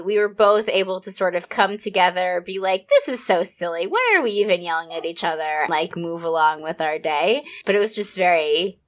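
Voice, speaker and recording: A woman's voice: mid-range voice, fairly bright tone. A woman in her thirties co-hosting a podcast, telling parenting stories in a candid, reflective way. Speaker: podcast co-host. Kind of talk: casual podcast chat.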